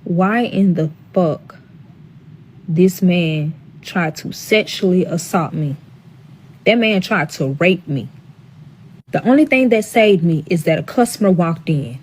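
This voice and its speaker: A woman's voice: on the low side, expressive, slow, slightly rough. A woman telling a personal story to her viewers in a casual storytime vlog, profane and dramatic, addressing them directly.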